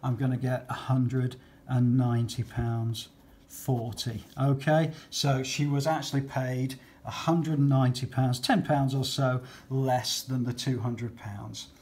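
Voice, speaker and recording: A man's voice: mid-range voice, flat delivery, a little slow, darkish tone. A man talking through maths exam questions in a patient, chatty way, often checking in with "okay". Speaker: maths teacher.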